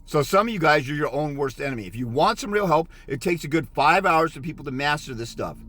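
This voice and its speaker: A man's voice: fairly high pitch, expressive, quick pace, fairly bright tone. A middle-aged man giving a blunt, scolding motivational rant as a fathers' rights consultant, lecturing harshly.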